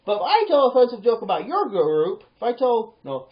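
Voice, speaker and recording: A man talks to camera in a rambling, casual monologue, stumbling over repeated words as he acts out both sides of conversations. His voice sits fairly high and swings widely in pitch. The recording is dull and lo-fi, like a cheap home setup. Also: sing-song, fairly quick, hardly any pauses. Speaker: vlogger.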